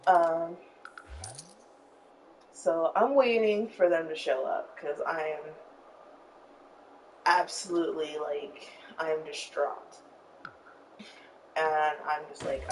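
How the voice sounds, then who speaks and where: Young woman streamer, low voice, rambling casual storyteller, recorded from a distance with faint background noise. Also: fairly even intonation, slow, pauses often. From Arizona. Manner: rambling, many fillers, emotional retelling. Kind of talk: casual storytelling while gaming.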